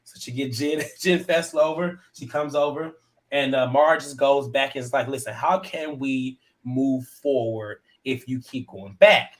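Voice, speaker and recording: A man hosting a live panel, casually recapping a reality episode, animated and often laughing as he acts out what people said. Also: mid-range voice, normal speed. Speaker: show host recapping episode.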